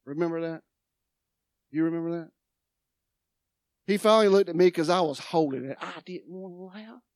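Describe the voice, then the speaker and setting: A woman preacher, giving a dramatic sermon, moving from loud proclaiming to quiet asides. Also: on the low side, normal speed, no room sound, clean studio sound. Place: church sanctuary.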